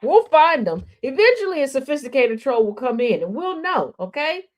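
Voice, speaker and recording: Chatty woman host, voice a bit high. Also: big pitch swings, moderate pace. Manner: chatty, teasing, laughs often; talks straight to the audience. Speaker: radio show host. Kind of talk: casual livestream chat.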